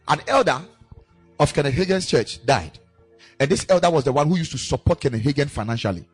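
A husky-voiced man preaches a sermon at a church camp. His pitch sits a little high and leaps around as he tells his stories. Faint music plays underneath. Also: a little fast. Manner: animated storytelling preacher, acting out quoted voices. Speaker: pastor.

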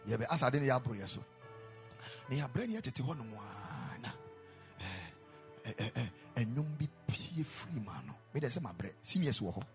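A man with a Ghanaian accent preaching a sermon in a chapel, mixing English and Twi, building to loud emphatic peaks. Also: mid-range voice, sing-song, brisk, music in the background. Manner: switches between English and Twi, rising to shouted emphasis.

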